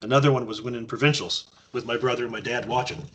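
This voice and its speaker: Husky Canadian man telling stories. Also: medium pitch, fast. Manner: animated storyteller acting out quotes. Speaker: podcast guest. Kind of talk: casual storytelling.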